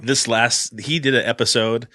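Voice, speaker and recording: A man's voice: mid-range voice, normal speed, no echo, clean studio sound. A middle-aged man, co-hosting a podcast and telling a story animatedly in casual chat. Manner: animated storyteller acting out scenes. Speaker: podcast co-host.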